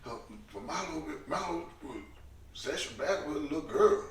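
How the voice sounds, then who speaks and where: A man's voice: on the high side, fairly quick, distant mic. A man telling a profane story in a casual interview, acting out the other people's voices. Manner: animated, profane, acts out voices in his stories. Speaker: guest. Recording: echoey room, set back from the mic.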